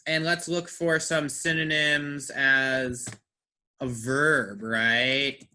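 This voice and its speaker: Male teacher, slow deliberate pace, very bright forceful tone, asks "right?" often, repeats words for stress. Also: mid-range voice, fairly even intonation. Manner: checks understanding with frequent "right?". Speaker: English teacher. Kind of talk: live class teaching.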